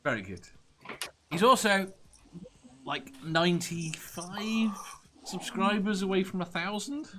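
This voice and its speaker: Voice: medium pitch, slow, long pauses, pushed and bright, slight background noise. A speaker, reading out viewer chat and teasing the others in casual banter.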